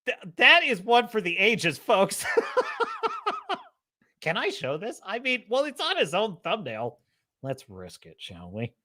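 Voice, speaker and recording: A man hosting a casual livestream, rambling and excitable, quick to laugh. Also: high voice. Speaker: show host.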